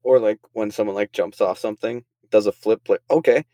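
A young man co-hosting a podcast, teasing and cracking quick jokes in crude casual chat. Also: fairly low pitch, steady tone, warm tone, no echo. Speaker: podcast co-host.

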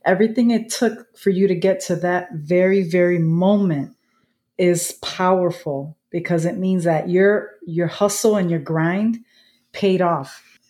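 A man's voice: sits high, fairly even intonation, measured pace, a little mellow. A man co-hosting an interview, making emphatic encouraging remarks. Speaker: co-host. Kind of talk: interview commentary.

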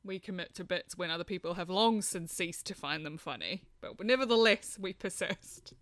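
A woman's voice: fairly low pitch, animated, normal speed, no echo, clean studio sound. A woman co-hosting a book podcast, chatting casually and laughing often. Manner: warm agreeable listener, laughs often. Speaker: podcast co-host. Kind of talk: casual book club chat.

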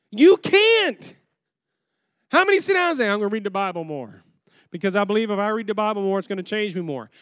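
A pastor preaching a sermon, firing rhetorical questions at the congregation and swinging between loud, emphatic lines and low, quiet ones. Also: male voice, no echo, studio quality.

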